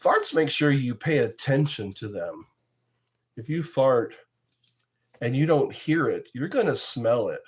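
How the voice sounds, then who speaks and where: Slow rambling jokey man on a livestream. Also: mid-range voice, sing-song. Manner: rambling, jokey, reads viewer comments aloud; laughs often at his own jokes. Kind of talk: casual chat with live viewers.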